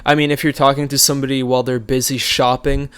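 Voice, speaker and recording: A man coaching viewers in a casual, conversational way, relaxed and easygoing, with frequent fillers. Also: medium pitch, fast talker, smooth. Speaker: social skills coach. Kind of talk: casual instructional talk.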